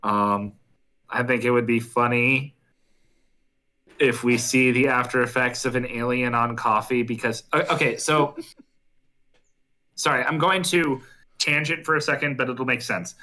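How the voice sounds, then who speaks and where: A man giving slow, hesitant feedback in a casual writers' chat, wandering off on tangents. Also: mid-range voice, steady tone, pushed and bright. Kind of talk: casual group chat about writing.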